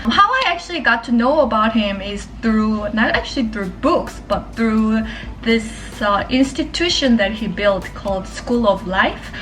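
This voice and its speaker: A woman from Korea talks in a gentle, chatty vlog style. Her voice sits a bit high and is picked up from some distance. Faint music plays behind. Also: animated, measured pace. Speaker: vlogger. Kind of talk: casual vlog chat. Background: background music.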